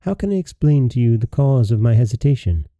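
A man voicing a gentle, modest young princess in a storybook reading, speaking softly, on a dry, dull lo-fi recording. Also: medium pitch, very animated, a little fast, no echo, lightly acted.

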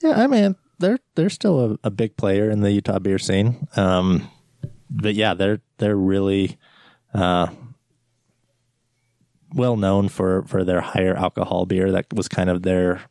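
A man's voice: low-pitched, measured pace, gravelly, a little mellow, dry recording. An American man, a guest on a podcast, talking casually about local beer with many restarts and fillers.

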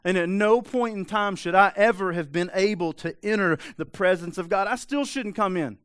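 A male pastor preaches emphatically in a conversational way, now and then dropping into quiet, intense asides. His voice is slightly high and smooth and clear. It is recorded close, with a dry sound. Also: normal speed, no echo. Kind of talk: sermon.

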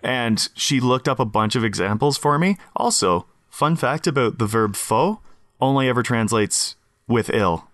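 A man's voice: medium pitch, animated, fairly bright tone, dry recording, studio quality. A man from Canada co-hosting a podcast in casual, jokey chat, laughing often. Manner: chatty, jokey, quick to laugh. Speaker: podcast co-host.

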